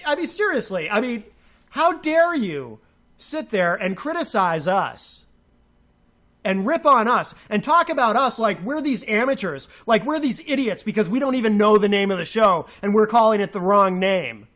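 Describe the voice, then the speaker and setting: A man's voice: sits high, animated, fairly quick, few pauses, a bit bright. A man co-hosting a radio show, ranting furiously with sarcastic, insulting outbursts. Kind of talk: angry on-air rant.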